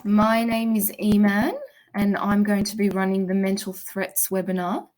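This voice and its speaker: An Australian woman hosts an online webinar through a computer mic, at an everyday middle pitch. She talks casually and chattily, greets viewers by name and leans on easy fillers. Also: little pitch movement, normal speed, darkish tone. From Sydney, Australia. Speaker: webinar presenter, provisional psychologist. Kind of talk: informal live webinar talk.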